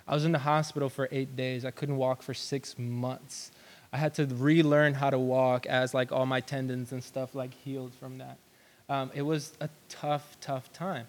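A young man giving a casual sermon to a youth group, telling a personal story in an animated way with lots of "um" and "like". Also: mid-range voice, normal speed. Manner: animated storyteller, many fillers like "um" and "like". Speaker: youth pastor.

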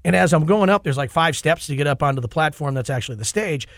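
A middle-aged man hosting a podcast, an animated storyteller who acts out quotes in casual chat. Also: fairly high pitch, fast, dry recording, clean studio sound. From Minnesota. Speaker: podcast host.

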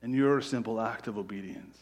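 A man's voice: on the low side, fairly quick, darkish tone. A man preaching a sermon as pastor in a church, earnest and emphatic, his delivery swelling with intensity. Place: church sanctuary.

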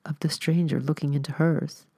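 A woman narrating a story as an audiobook reader, with a measured, steady reading. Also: deep voice, husky.

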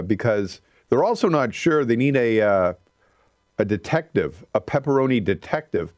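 A man's voice: on the low side, darkish tone, no room sound. A man hosting a radio talk show in a studio, chatting casually in a rambling, self-mocking way. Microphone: studio microphone.

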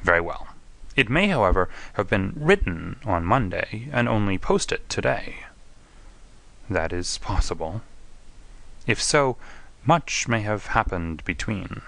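A man reading an audiobook, voicing a keen, precise detective who reasons aloud in a crisp, deliberate manner. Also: on the low side, very animated, fairly bright tone, heavily acted. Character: keen, precise male detective, middle-aged.

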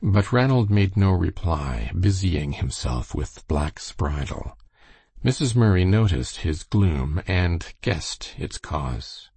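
A man's voice: sits low, sing-song, slow pace, darkish tone, husky, no echo. A man reading a novel aloud as an audiobook narrator, expressively. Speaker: audiobook reader. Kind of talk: scripted narration.

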